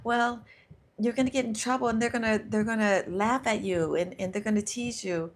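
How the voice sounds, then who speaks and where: A woman's voice: a little high, steady tone, normal speed, voice pushed up, close to an everyday voice. A woman voicing her own fear as a timid, worried little voice that whines and pleads anxiously. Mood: fretful.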